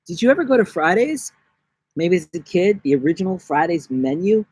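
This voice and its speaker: A young man from New York chatting on a casual live stream from his backyard, rambling and joking, with bursts of silly high-pitched voices. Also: big pitch swings, a little fast, a bit bright, no echo. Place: outdoors in a backyard.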